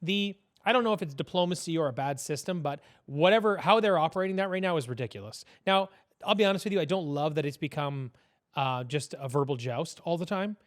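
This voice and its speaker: Opinionated male podcast guest, rapid, blunt delivery, bright high register. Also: animated. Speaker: podcast guest, business owner. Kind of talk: casual political chat.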